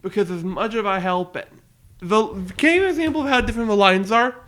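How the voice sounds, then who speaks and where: A man co-hosting a podcast in casual chat, eagerly pitching ideas and jumping between topics. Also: quick pace, fairly bright tone. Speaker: podcast co-host.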